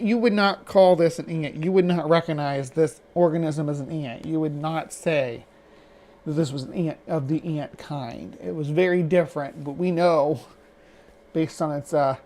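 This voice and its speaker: Argumentative man with a slightly high voice. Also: a little mellow. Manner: argumentative, halting with many restarts and fillers. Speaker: stream host reacting to a video. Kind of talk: live-stream reaction commentary.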